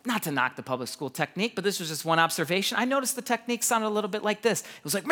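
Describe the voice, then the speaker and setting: Animated pastor, bright forceful voice. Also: male voice, high-pitched, fast, long reverb tail. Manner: energetic and animated, storytelling with repeated words and laughs. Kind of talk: sermon.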